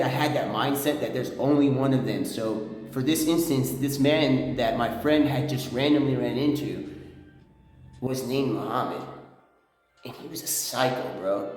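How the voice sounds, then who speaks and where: Guy rambling a storytime, lots of restarts, super echoey room, bit of music under it. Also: darkish tone. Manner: rambling, restarts, drops to low intense tone. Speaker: vlogger.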